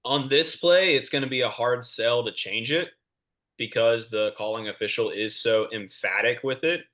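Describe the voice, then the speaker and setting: A man, a college basketball official, explaining calls to a clinic audience in a clear, measured, confident way. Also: mid-range voice, sharp tone.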